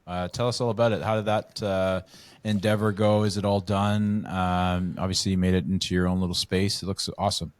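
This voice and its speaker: A man's voice: deep voice, little pitch movement, fairly quick, no echo. A man co-hosting a casual chat show, laid-back, laughing and swearing often. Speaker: podcast co-host.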